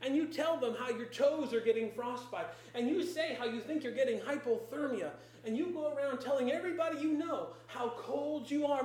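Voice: high voice, fairly quick, few pauses, darkish tone. A preacher delivering a sermon in emphatic, repeated declarations. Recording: very echoey room.

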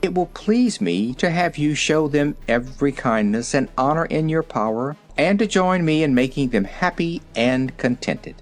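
Reader doing a gracious fairy queen, formal, calm, lively pitch, faint music. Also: normal speed, few pauses, close to an everyday voice.

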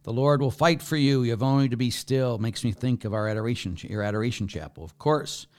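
A man's voice: mid-range voice, fast, darkish tone. A middle-aged man, a priest, reading out viewer questions and answering each one in a plain, direct way during a live talk.

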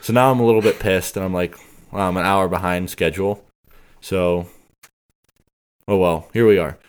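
A man with a fairly low voice tells a long story in casual podcast chat. He rambles along and acts out each exchange he remembers, speaking into a podcast microphone. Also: steady tone, normal speed, clean tone. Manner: rambling, acts out quoted dialogue.

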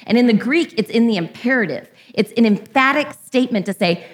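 A woman's voice: fairly high pitch, animated, a little fast, hardly any pauses. A woman pastor giving a sermon in a candid, conversational way, with light irreverence, ending in prayer.

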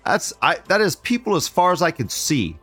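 A man's voice: a little high, very animated, moderate pace, pushed and bright, faint music behind. A man hosting a live show, reading chat aloud and ranting in a profane, sarcastic way. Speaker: livestream show host.

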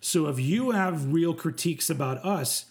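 A man from Texas co-hosts a casual music podcast. His voice sits a touch higher than most men's, and he rambles, swears freely and keeps restarting his sentences. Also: expressive, normal speed. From Texas, USA. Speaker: podcast co-host. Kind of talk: casual chat.

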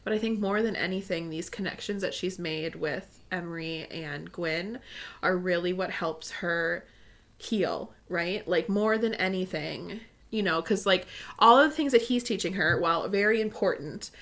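A woman's voice: on the low side, moderate pace, fairly bright tone. Enthusiastic woman in casual book chat. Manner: enthusiastic, laughs often, many fillers. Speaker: podcast co-host.

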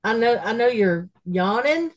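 A woman's voice: fairly high pitch, lively intonation, moderate pace, highs cut off. A woman chatting casually as a podcast co-host, caring and rambling. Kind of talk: casual chat.

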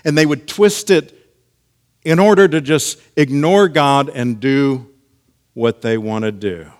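A man preaching a sermon, teaching with measured delivery that swings between hushed lines and emphatic stresses. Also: mid-range voice. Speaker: pastor.

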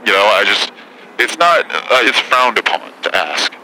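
A rude, touchy female talk-show celebrity with a crisp, bright edge to the voice, as a man impersonates her, cursing and snapping at anyone who questions her. Faint noise sits behind it. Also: on the low side, big pitch swings, normal speed, full character voice, low-quality recording. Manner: crude, defensive, swearing. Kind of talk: improvised comedy impression.

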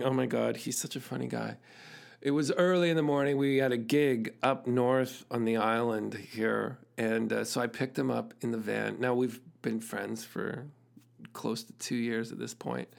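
A man's voice: medium pitch, vocal fry. A man hosting his own show, telling a personal story in an earnest, thoughtful way and laughing at himself now and then. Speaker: podcast host and musician. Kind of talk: reflective storytelling monologue.

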